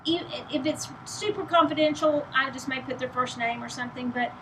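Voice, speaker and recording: Casual host, Texan woman, slightly high voice, ill and short of breath, talking loud and rambling over a noisy background. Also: brisk. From East Texas. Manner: speaking loudly to carry, chatty and rambling. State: weak voice from illness, out of breath. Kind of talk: casual chat to camera.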